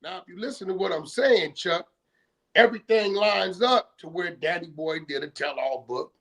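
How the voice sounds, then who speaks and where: A man's voice: sits high, normal speed, a bit bright. A man from California retelling a story in casual streetwise slang, often checking in with "right?" and acting out both sides of old phone calls. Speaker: guest.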